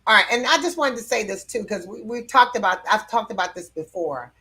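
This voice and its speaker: A woman's voice: medium pitch, lively intonation, a little fast, sharp tone, husky. A woman teaching about personality temperaments in a casual, conversational way, with fillers and light laughs.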